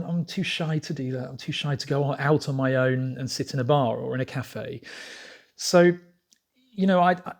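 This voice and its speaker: A man's voice: fairly high pitch, a little mellow. A man talking casually to camera as a vlogger, rambling with frequent fillers and restarts.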